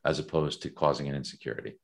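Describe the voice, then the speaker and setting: A man speaking as an interview guest, reflective and measured, often pausing with fillers. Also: rumbling low, creaky. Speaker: guest, author. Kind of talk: conversational interview.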